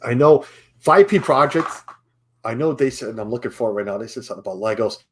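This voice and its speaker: A man's voice: mid-range voice, animated, fast talker, slight background noise. A man hosting a casual live-stream chat, rambling with restarts and chuckling as he reads the chat. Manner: rambling, self-interrupting, chuckling. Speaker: stream host.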